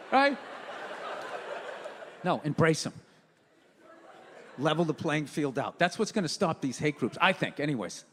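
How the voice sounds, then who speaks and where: A man's voice: on the high side, animated, normal speed, long pauses, a bit bright. A male stand-up comedian on a stage mic, telling profane, ranting stories in his own routine. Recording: reverberant hall with faint room noise.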